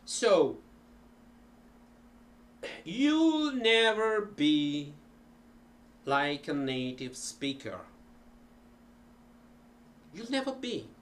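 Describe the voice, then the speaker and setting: A man teaching languages in an unhurried, hesitant way, demonstrating phrases aloud. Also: on the high side, big pitch swings, fairly bright tone, a little hiss or hum. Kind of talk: informal language lesson.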